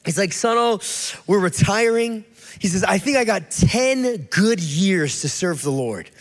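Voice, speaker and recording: Delivering a sermon as a guest preacher, a high-pitched man in his thirties takes a casual, storytelling approach and acts out the people he quotes. He's animated but a little slow, and a long reverb from the church hall surrounds his voice.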